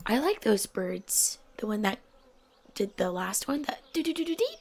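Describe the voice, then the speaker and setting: Soft, gravelly woman gamer. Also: mid-range voice, very animated, moderate pace. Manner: soft-spoken, often drops to a near whisper. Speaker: gaming channel host. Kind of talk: relaxed chat while playing a game.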